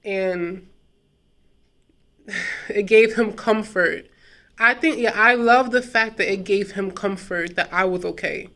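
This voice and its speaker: A woman's voice: mid-range voice, a bit bright. Reflective young woman telling a story. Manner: reflective, unhurried, trailing pauses and repeated words. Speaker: vlogger and self-published author. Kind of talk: casual personal storytelling.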